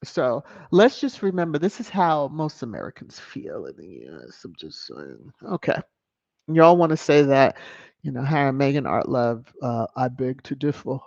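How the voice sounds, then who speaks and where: A woman's voice: rumbling low, very animated, moderate pace, gravelly, a little mellow, dry recording. A woman hosting a celebrity news commentary vlog, sassy and emphatic, repeating phrases for effect. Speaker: vlog host. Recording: dry, dull lo-fi sound.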